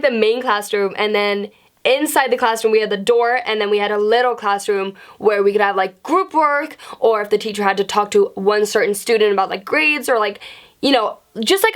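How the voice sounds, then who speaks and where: A young woman with a fairly high voice tells a casual storytime. She is animated and rambling, swears freely and fills her talk with "like". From Sweden. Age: young adult. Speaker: vlogger.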